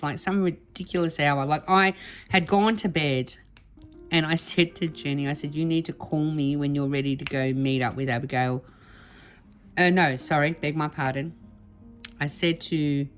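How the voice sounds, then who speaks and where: A woman with a low, deep voice tells a story to her viewers in a loose, rambling way. She stumbles, restarts and corrects herself, sounding close to tears, while faint music plays underneath. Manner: rambling, emotional, self-correcting with many restarts. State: tearful. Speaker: vlogger. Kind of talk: casual emotional storytelling to camera.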